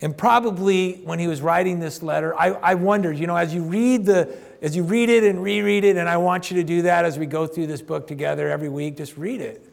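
A male pastor in his fifties preaches in a conversational, emphatic way. His voice is gravelly and sits a little high. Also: steady tone, brisk, hardly any pauses. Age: 50s. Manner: conversational, emphatic, addresses congregation directly. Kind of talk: sermon.

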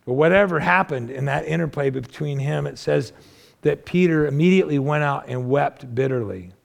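Gravelly-voiced male pastor preaching. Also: normal speed. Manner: conversational preaching, rhetorical questions to the congregation; swings between emphatic raised passages and low quiet asides. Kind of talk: sermon.

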